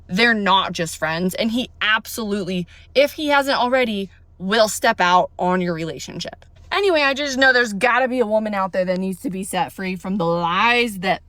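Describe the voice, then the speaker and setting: A woman's voice: mid-range voice, a bit bright, dry recording. Firm woman giving direct advice. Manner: firm, direct, listing points. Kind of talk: advice monologue to camera.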